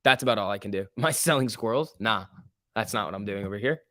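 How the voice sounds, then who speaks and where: A lowish male voice, fast and sharp-toned, with lively intonation, hosts a live stock trading stream. He chats loosely about price moves, reads viewer questions aloud and answers them, using lots of fillers like "like" and "um". The audio is dry with no room echo.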